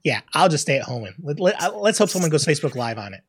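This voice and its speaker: A man's voice: a little high, big pitch swings, fast talker, a bit bright, breathy edge. A man co-hosting a podcast, chatting casually, laughing often and swearing now and then. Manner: laughs often, swears, acts out quoted people. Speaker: podcast co-host. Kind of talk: casual chat.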